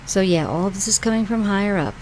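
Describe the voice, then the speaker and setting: Talking fast in a medium-pitched, darkish voice, a woman from New York runs her own channel, reading posts from online and rambling about them with plenty of fillers and asides. The recording is rough, with slight hiss or hum.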